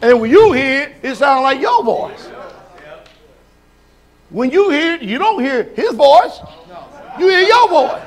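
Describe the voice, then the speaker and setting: A man preaching a sermon, animated, shouting and laughing, acting out voices. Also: very high voice, measured pace, pauses often.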